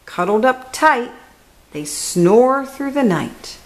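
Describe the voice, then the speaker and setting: A woman reading a children's picture book aloud, slow and expressive, dropping to a hush on key words. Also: on the high side, slight background noise, rough recording.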